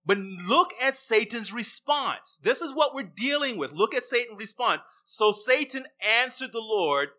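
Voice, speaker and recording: A man's voice: very high voice, expressive, a little slow, few pauses. A man preaching a sermon, emphatic and repeating his key phrases for weight. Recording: dull lo-fi recording.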